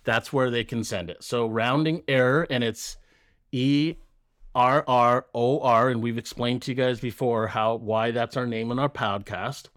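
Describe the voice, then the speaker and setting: A man's voice: mid-range voice, steady tone, measured pace, fairly bright tone, no room sound. Male podcast co-host, loose and jokey, swears, mid voice, dry close recording. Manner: joking, loose, swears freely. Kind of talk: casual chat.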